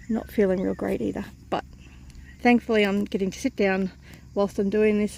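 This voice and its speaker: A woman's voice: medium pitch, creaky, darkish tone, a little hiss or hum. A woman vlogging outdoors on her farm, chatty and rambling, tired and a bit out of breath. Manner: chatty, rambling with fillers and self-corrections. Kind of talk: casual outdoor vlog.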